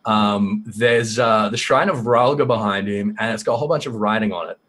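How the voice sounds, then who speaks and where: A man chatting as a guest on a gaming podcast, excitable and casual, swearing freely and filling pauses with ums. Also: on the low side, husky. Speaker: guest lore expert.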